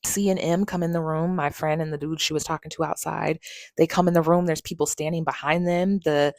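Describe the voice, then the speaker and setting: Low-voiced woman telling a raw story. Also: fairly even intonation, fairly quick, a little mellow, no room sound. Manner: frank, emotional, profanity-laced retelling. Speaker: podcast host. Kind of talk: personal storytelling.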